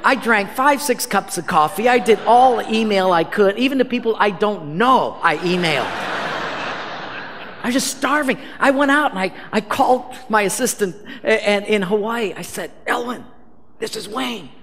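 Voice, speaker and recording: A man preaching as a pastor, telling a story with animated, self-mocking humor and acting out the dialogue. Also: high-pitched, normal speed, noisy background. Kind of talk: storytelling sermon. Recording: reverberant hall.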